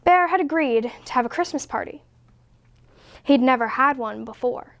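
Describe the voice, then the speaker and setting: A woman reading a children's picture book aloud in a slow, expressive way. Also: fairly high pitch. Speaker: story reader. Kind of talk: storybook read-aloud.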